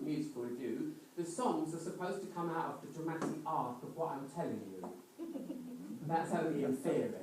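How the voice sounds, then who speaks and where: A man doing comic cabaret at a piano in a live show, teasing the audience with quick, camp asides. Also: a little high, background noise. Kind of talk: stand-up musical comedy with audience banter. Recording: roomy live venue, taped from a distance. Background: audience laughing and piano playing.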